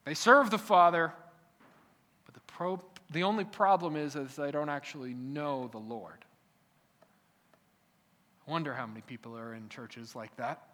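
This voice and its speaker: A man preaching a sermon, emphatic and repetitive, who often drops to a quiet, low-key delivery. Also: moderate pace, pauses often. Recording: echoey hall.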